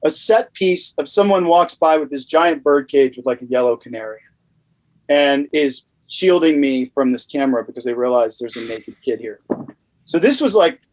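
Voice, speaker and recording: A man's voice: mid-range voice, normal speed, rough recording. A man from Louisiana telling a rambling anecdote as a podcast guest, with lots of fillers. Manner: animated, rambling with many fillers. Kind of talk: casual storytelling.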